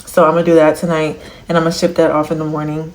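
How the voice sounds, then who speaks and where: Young woman yapping on her vlog at home, kinda low voice, slangy, a bit of room noise behind. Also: rapid-fire. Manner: chatty, slangy, animated reactions. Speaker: crochet vlogger. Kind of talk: casual vlog chat. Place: home, indoors.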